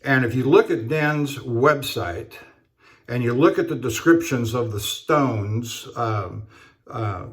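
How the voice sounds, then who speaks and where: A man talking casually while he shaves, in a halting, rambling way with many fillers and restarts. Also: mid-range voice. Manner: rambling storyteller. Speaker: straight razor shaving vlogger. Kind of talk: casual talk while shaving.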